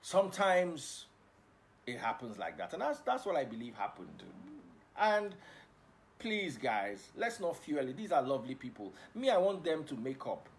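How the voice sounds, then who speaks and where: A man's voice: on the high side, big pitch swings, normal speed. Middle-aged Nigerian male broadcaster, casual live chat, playful, preachy. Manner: switches between English and pidgin, playful and preachy. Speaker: livestream host and broadcaster.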